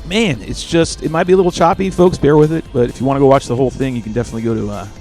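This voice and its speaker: A man hosting a live show as casual chat, rambling and excitable and swearing freely. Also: mid-range voice, racing, soft background music. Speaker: host.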